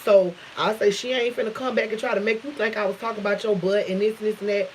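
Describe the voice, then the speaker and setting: A woman's voice: mid-range voice, quick pace, slight background noise, low-quality recording. A woman vlogger casually retelling a dramatic story, swearing freely and acting out what others said. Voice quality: profane, dialect-rich, acts out quotes. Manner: animated retelling with shifting quoted voices.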